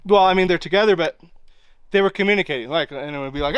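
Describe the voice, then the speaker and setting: Casting note: man walking a site outdoors, clear voice a bit on the high side, loose rambling delivery. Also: fast talker, no echo, rough recording. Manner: rambling, full of "like" and pointing "right here". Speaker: eyewitness recounting a hunt. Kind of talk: casual on-location retelling. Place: outdoors in a wooded area.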